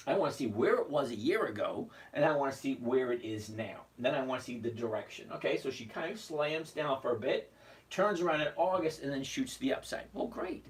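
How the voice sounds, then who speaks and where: A man in his sixties hosts a casual livestream and chats his way along, greeting viewers by name. His voice is husky, with a lively, bouncing intonation. The tone is easygoing and conversational. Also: medium pitch. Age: 60s. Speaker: host of an investing livestream.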